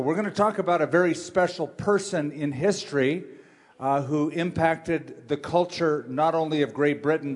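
A pastor hosts a guest on a church stage and teases him in a friendly way. His voice sits a little above the usual male pitch. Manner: friendly, teasing questions. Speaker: pastor and interview host.

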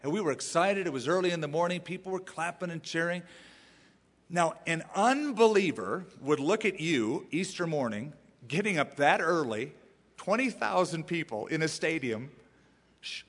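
Animated preacher man in a reverberant hall. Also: a little high, moderate pace. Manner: animated, playful, acts out quoted voices. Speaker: pastor. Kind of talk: sermon.

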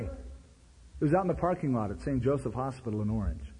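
A man preaching a sermon, his voice husky and strained. His pitch leaps up and drops back down as he talks. Everything rings with a long hall echo. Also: fairly quick. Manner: animated, conversational preaching with sudden pitch jumps. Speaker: pastor.

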